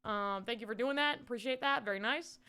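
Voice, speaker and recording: Young woman streamer, high clear voice, casual and foul-mouthed, quick to laugh and shout. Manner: chatty, swears freely, laughs often, breaks into loud shouting bits. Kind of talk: casual live-stream chat.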